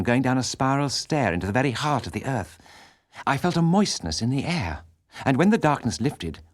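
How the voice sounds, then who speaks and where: Young woman singer recounting a frightening night in a storybook, expressive, with lively pitch, read by a male narrator. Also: no echo, studio quality. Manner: expressive storytelling, first person. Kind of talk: audiobook narration.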